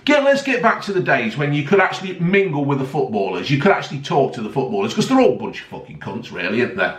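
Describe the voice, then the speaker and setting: A man's voice: medium pitch, big pitch swings, quick pace, distant mic. A sarcastic man, ranting heatedly and swearing constantly in a vlog. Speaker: vlogger. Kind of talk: angry ranting monologue. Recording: roomy, voice a bit off-mic.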